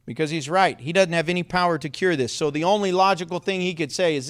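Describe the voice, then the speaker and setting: Male preacher, fairly high voice, animated and chatty with the congregation. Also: fast talker, hardly any pauses, clean tone. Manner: animated reading with acted quotes, laughs often. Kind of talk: sermon.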